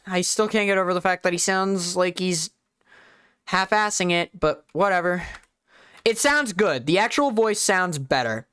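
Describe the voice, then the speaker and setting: Streamer, light Southern US accent, rambling live commentary, self-deprecating, smooth resonant voice, dry close sound. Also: mid-range voice, animated, moderate pace, a bit bright, no room sound.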